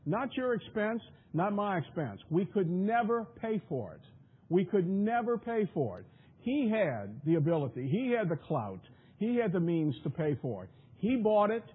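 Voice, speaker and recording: A man with a high, husky voice preaching emphatically and firing off rhetorical questions at his listeners. The sound is thin and narrow, like a broadcast coming over a phone line. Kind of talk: sermon.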